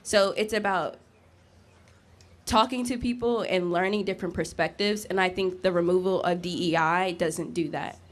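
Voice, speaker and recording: A woman's voice: fairly low pitch, fairly even intonation, normal speed. A woman in the audience of a campus debate, earnestly giving her view at the microphone and agreeing readily. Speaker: audience questioner. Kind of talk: debate Q&A at a mic.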